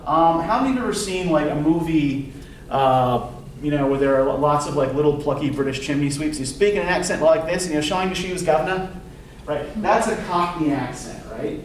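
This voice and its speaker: A male lecturer gives a relaxed classroom talk, full of "um"s and "right?" checks to the students. His voice sits a little high. It comes from a mic well away from him in a very echoey room, with a faint hiss behind it. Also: normal speed, distant mic. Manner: conversational, many fillers and tag questions. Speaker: literature lecturer.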